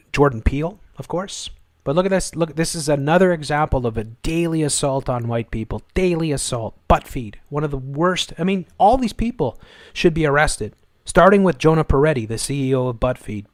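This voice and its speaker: A man's voice: a little high, no echo, clean studio sound. A man hosting a live stream, ranting in angry, sarcastic, repetitive bursts of commentary. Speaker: livestream host.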